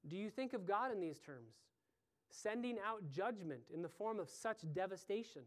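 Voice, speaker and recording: A man preaching an earnest sermon as pastor, building to pleading emphasis. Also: sits high.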